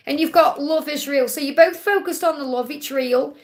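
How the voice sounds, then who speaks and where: This woman has a Stoke-on-Trent accent and a fairly high voice. She hosts a live stream, answering viewers' questions with card readings. She talks gently and reassuringly and repeats her key phrases. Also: normal speed, few pauses, a little hiss or hum. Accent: Stoke-on-Trent English. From England.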